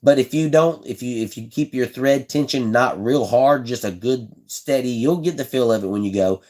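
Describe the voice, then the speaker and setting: Easygoing guy on a live stream showing his rod building, folksy and rambly, chats with viewers, average-pitched voice. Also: moderate pace, darkish tone. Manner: chatty, repeats himself, talks to viewers in chat; laid-back, folksy phrasing. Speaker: livestream host building fishing rods. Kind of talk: casual live how-to demonstration.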